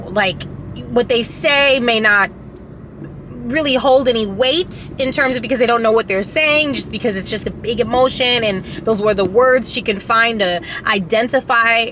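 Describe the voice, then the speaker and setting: A woman's voice: on the high side, bright, forceful tone, a little hiss or hum. A woman vlogger telling a storytime in casual chat, rambling with many fillers and restarts, candid and emotional, now and then profane.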